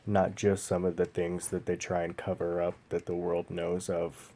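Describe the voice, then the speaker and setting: A man vlogging a personal story in a slow, halting, emotional way, pausing often. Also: low voice, completely flat delivery, dark tone.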